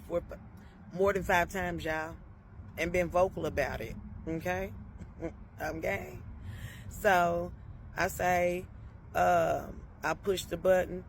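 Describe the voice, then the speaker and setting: A woman's voice: fairly low pitch, unhurried, a bit bright, slight background noise. A woman telling a personal story in a casual, chatty way, often laughing and turning to her listeners with "y'all" and "okay?". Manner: laughs often between sentences.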